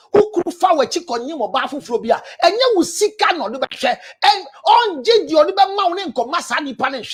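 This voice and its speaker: A Ghanaian woman counselor giving blunt, scolding advice and breaking into shouts. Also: very high-pitched.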